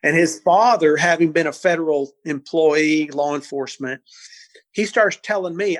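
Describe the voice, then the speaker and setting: A man in his sixties, an interview guest recounting cases in an animated way, often repeating words as he goes. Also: a little high, normal speed, no echo. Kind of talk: storytelling interview.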